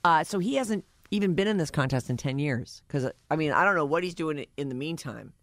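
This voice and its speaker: A man's voice: a little high, animated, brisk, a bit bright, dry recording. A man, hosting a radio show in casual, wry banter that drifts between topics. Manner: wry, chatty, trails off mid-sentence.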